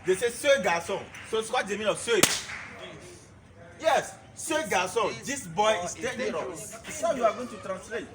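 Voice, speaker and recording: A man's voice: sits high, expressive, moderate pace, music in the background. A man teaching a French class, drilling words and having students repeat them. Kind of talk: classroom language lesson.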